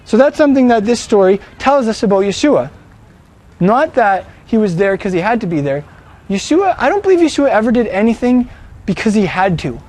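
A man's voice: sits high, darkish tone. A man preaching a sermon, emphatic and fond of rhetorical questions.

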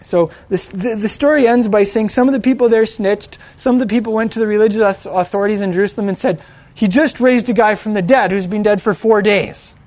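A man's voice: high voice, a little fast, darkish tone, no room sound. A man casually retelling a Bible story in a conversational way, with lots of fillers and restarts, acting out the quoted lines.

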